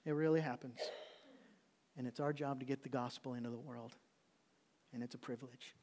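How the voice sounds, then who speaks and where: A man preaching a sermon as a pastor, dropping to hushed intensity between loud, pleading acted quotes. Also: mid-range voice, fairly even intonation, brisk.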